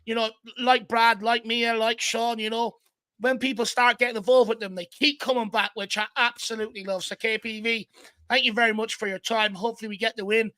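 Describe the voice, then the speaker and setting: A man's voice: very high-pitched, flat delivery, fairly quick, bright, forceful tone, no room sound. A man hosting a live fan stream, upbeat and chatty, full of fan slang. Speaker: host. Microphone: computer mic on a live stream.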